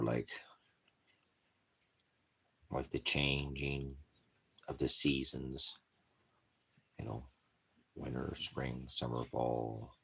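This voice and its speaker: A man's voice: extremely low pitch, gravelly, husky. A man chatting casually in the desert for an outdoor cooking vlog, talking with his mouth full between bites. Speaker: vlogger.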